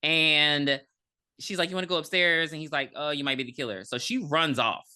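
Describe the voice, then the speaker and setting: A woman's voice: sits low, brisk, bright, forceful tone. A woman co-hosting a podcast, chatting casually about a film, blunt and profane as she picks at details. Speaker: podcast co-host. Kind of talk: casual movie recap chat.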